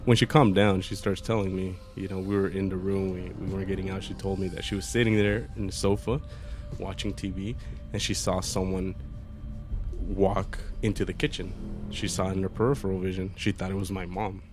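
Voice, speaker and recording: A man's voice: deep voice, level tone, a little fast, music in the background. A man casually telling a ghost story among friends, swearing and repeating himself often. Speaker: podcast co-host.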